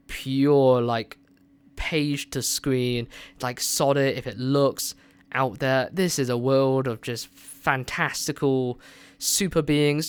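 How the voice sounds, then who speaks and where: A man hosting a movie review radio show, chatting casually and excitedly with lots of filler words. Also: on the high side, clear, resonant tone.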